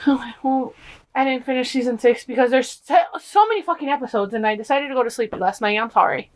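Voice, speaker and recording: A woman's voice: high voice, quick pace, a little hiss or hum. A young adult woman hosting a podcast, talking bluntly, swearing casually and slipping into Spanish. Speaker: podcast host. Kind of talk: casual chat.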